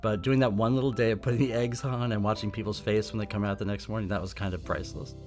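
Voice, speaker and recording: A man's voice: lowish voice, level tone, fast, darkish tone, soft background music. A man speaking in a documentary interview, enthusiastic and admiring. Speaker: ride volunteer interviewee.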